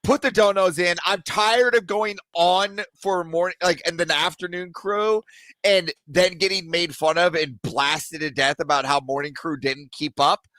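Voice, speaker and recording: A man's voice: sits high, steady tone, unhurried, sharp tone, no echo. A man calling into a livestream show, chatting casually and rambling with lots of fillers and laughs. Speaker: caller. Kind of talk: casual chat.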